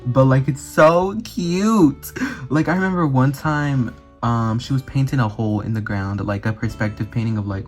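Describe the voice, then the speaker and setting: A man's voice: medium pitch, brisk, faint music behind. A man chatting casually in a vlog, gushing and full of fillers. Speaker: vlogger. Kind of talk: casual chat.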